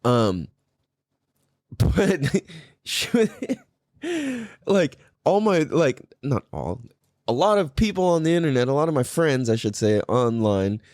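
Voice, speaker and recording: A man hosting a podcast, telling a story in a casual, profane and animated way. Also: medium pitch, slow, dry recording, clean studio sound. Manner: animated, profane, laughing often. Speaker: podcast host.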